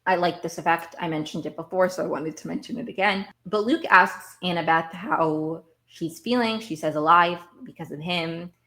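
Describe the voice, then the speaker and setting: A woman's voice: on the low side, moderate pace, few pauses. A woman hosting a podcast, recapping a TV episode in casual, rambling chat that often repeats itself. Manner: animated, rambling, repeats herself. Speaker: podcast host.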